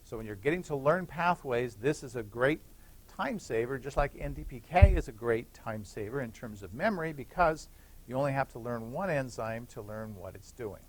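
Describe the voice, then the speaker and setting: A man's voice: medium pitch, lively intonation, normal speed. A middle-aged man giving a classroom lecture, explaining step by step, repeating key points and checking in with "okay?". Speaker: university biochemistry lecturer. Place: lecture hall.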